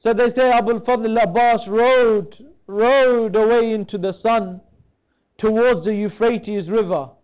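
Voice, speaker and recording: A man with a strikingly high voice delivers an impassioned mourning sermon, pleading with the gathering before him. The sound is thin and phone-like, as from a lo-fi recording. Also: steady tone, unhurried, clear, resonant tone. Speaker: majlis speaker. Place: religious centre hall.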